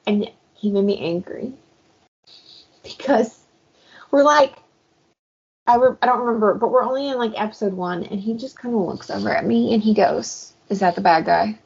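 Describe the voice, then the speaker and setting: A woman co-hosting a book podcast in casual chat, lively and quick to act out what others said. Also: on the high side, slightly rough. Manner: animated, acts out quotes of others. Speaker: podcast co-host. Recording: dull lo-fi podcast audio.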